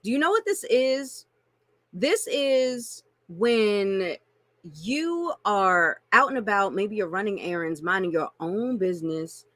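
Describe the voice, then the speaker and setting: A woman coaching on marketing in an animated, playful way, laughing often and addressing listeners as y'all. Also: mid-range voice, takes it slowly, dry recording. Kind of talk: teaching a marketing lesson with acted-out examples.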